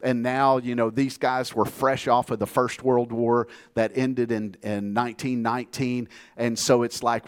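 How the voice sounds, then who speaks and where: A man's voice: mid-range voice, little pitch movement, a little slow, few pauses, clear, resonant tone. A man from the United States preaching a sermon, telling a story in a plainspoken, earnest way and calling the congregation to say amen. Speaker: pastor.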